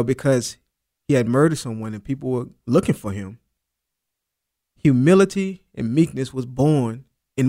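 A man's voice: on the high side, a little mellow. A man teaching a Bible lesson in a casual, earnest way, dropping in asides like "man" and "you know.".

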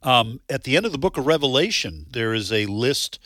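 In a dry, close studio recording, a radio talk show host speaks a little fast in a bright, mid-range voice with big pitch swings. He rambles, restarts, and chuckles at himself between thoughts.

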